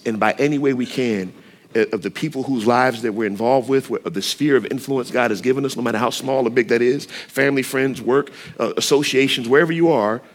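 A man preaching a casual, conversational sermon, often checking in with the listeners and adding light self-deprecating humor. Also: medium pitch. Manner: conversational, lively, asks the room often. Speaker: pastor.

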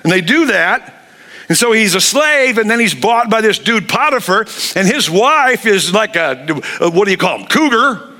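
Male pastor, higher-pitched bright voice, animated sermon delivery with acted-out voices. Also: normal speed. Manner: animated preaching, acts out quoted voices.

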